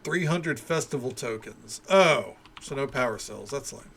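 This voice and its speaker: A man's voice: medium pitch, lively intonation, measured pace, few pauses, fairly bright tone, breathy edge. A man streaming a video game, chatting casually and muttering asides. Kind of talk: gameplay commentary.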